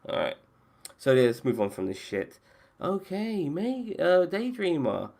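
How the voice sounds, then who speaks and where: A man's voice: fairly high pitch, wildly swooping pitch, a little slow, gravelly, a crowd in the background. A man hosting a podcast and running a casual chat about video games, swearing freely and often restarting his sentences. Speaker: podcast host.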